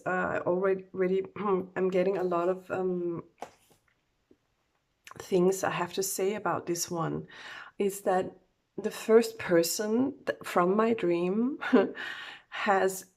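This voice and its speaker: A woman's voice: medium pitch, level tone, takes it slowly, a little mellow. A woman doing a casual oracle card reading, groggy from just waking up and talking hesitantly with many fillers and self-corrections.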